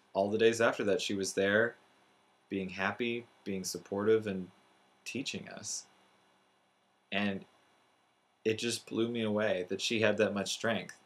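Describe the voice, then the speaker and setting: A man's voice: lowish voice, fairly bright tone, rough recording. A man from Texas telling an earnest, reflective first-person story from his school years. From Texas, USA.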